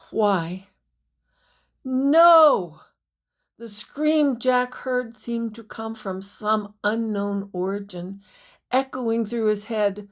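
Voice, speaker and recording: A woman reading her own novel aloud as audiobook narrator, in a measured storytelling manner. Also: medium pitch.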